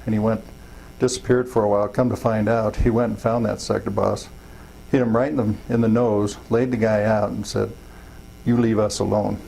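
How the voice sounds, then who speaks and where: A man's voice: on the low side, level tone, moderate pace, vocal fry, dark tone, a little hiss or hum, low-quality recording. A middle-aged man telling folksy, rambling stories in an interview, full of fillers and acted-out quotes. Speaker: interviewee, wildland fire chief. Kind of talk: casual storytelling interview.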